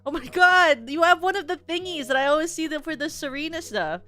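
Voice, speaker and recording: A bright, fairly high-voiced young woman chats on a live stream, bubbly and rambling, full of fillers and sudden excited squeals. Faint music plays softly behind her. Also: fairly quick, few pauses. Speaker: VTuber streamer. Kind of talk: casual live-stream chat.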